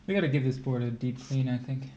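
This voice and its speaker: A man co-hosting a tutoring livestream, trading deadpan jokes in casual banter. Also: mid-range voice, quick pace, lo-fi sound, a little hiss or hum. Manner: deadpan joking. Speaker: co-host tutor. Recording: roomy echo.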